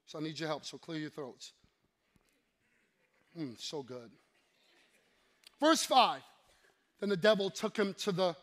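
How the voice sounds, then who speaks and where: A man's voice: sits high, fairly bright tone. A man preaching a sermon with emphatic, repetitive declarations, leading his congregation in call-and-response and slipping in playful asides.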